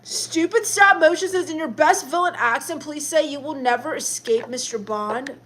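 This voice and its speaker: A woman's voice: high voice, moderate pace, a bit bright, slight background noise. A young woman live streaming, reading viewer comments aloud and firing back sassy, snappy comebacks. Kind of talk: in-character comedy livestream reading chat.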